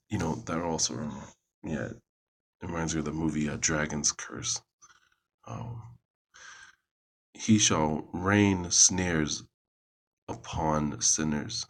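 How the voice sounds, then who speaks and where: Very deep, husky man reading slowly. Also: fairly bright tone. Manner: halting, self-correcting reading. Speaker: Bible reader. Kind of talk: reading scripture aloud with casual comments.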